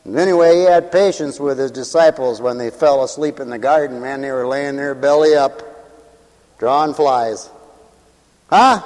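A man's voice: medium pitch, unhurried, long pauses, darkish tone. A man preaching a fervent sermon, calling out hallelujah and glory between points and laughing often. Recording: reverberant hall.

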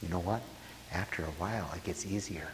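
A man preaching a sermon, swinging from hushed murmurs to loud exclaiming and chuckling between points. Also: deep voice, fairly quick. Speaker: pastor. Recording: hall reverb with faint hiss.

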